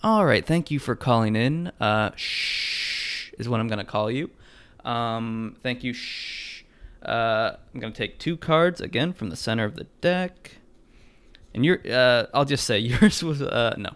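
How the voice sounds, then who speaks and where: Hesitant man with a smooth voice. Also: mid-range voice, expressive, unhurried, a bit bright. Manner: hesitant, dry, full of filler words. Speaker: podcast host reading tarot for callers. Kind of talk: casual chat.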